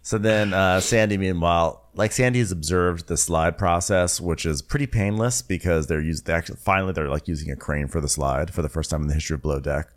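A man co-hosts a casual comedy recap podcast. His voice sits on the low side, and he riffs in sarcastic asides, sometimes slipping into silly put-on voices for the people he mocks. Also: fairly quick, hardly any pauses. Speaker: podcast co-host recapping a reality show.

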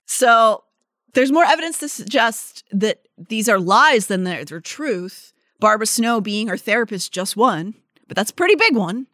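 A woman's voice: fairly high pitch, expressive, normal speed, no room sound. Woman, podcast co-host, casual chat, indignant, swearing, dry sound. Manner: indignant, swears freely, swings from quiet to loud. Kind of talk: casual true-crime chat.

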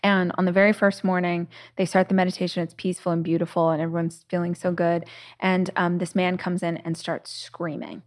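A podcast host with a lowish voice speaks a little fast and delivers things flatly. Her casual, chatty storytelling is packed with fillers, lots of "like"s, and restarts.

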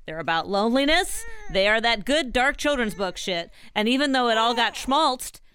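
A podcast co-host in casual chat, wry and animated, peppering the talk with joking profanity. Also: medium pitch, normal speed, smooth.

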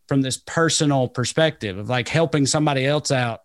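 A man's voice: mid-range voice, a little fast, no room sound, studio quality. A man co-hosting a casual political podcast, rambling with fillers and swearing. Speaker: podcast co-host.

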